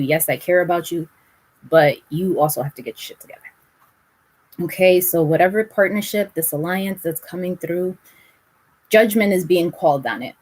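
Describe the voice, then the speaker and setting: A woman's voice: low-pitched, a little mellow. A woman giving a casual spiritual reading to her viewers, blunt and direct, swearing freely as she hands out advice. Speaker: tarot reader.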